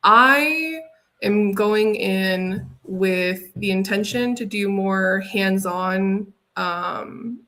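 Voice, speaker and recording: A woman guest in a casual podcast chat, reflective and halting, with many fillers and sudden lifts in pitch. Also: bright, forceful tone. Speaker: podcast guest, design software user group leader.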